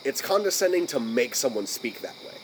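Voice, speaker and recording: A man in mid-pitch range chats loosely on a podcast, cursing freely as he rambles. He often trails off and restarts while hunting for the right phrase, and a faint hiss sits under his voice. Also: sing-song, fairly quick, poor audio. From United States. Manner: rambling, profane, searching for words. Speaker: podcast co-host. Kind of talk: casual podcast chat.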